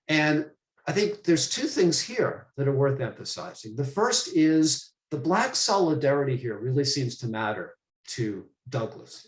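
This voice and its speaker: A man's voice: mid-range voice, echoey room. A man giving an online lecture to teachers, thoughtful and emphatic, often restarting his phrases. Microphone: computer mic on a video call.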